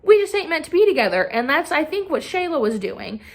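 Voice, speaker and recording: A woman's voice: sits high, big pitch swings, brisk. A young woman chatting casually as a book reviewer, filling her talk with constant "like"s. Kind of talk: casual chat.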